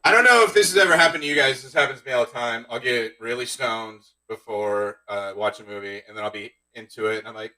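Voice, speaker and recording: A man doing a stand-up comedy set, telling deadpan one-liners with awkward asides. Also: medium pitch, fast, far from the mic, rough recording. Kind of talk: stand-up set streamed live.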